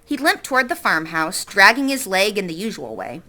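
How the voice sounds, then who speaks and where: A woman teacher reads a novel aloud to her class in an expressive way, stopping to ask the students questions. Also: mid-range voice, normal speed. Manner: expressive, stops to quiz the class.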